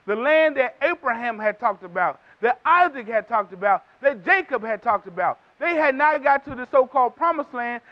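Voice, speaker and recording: Casting: very high-pitched male Texan preacher, emphatic sermon delivery, muffled lo-fi audio. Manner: emphatic preaching, acts out quotes in character voices. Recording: dull lo-fi recording.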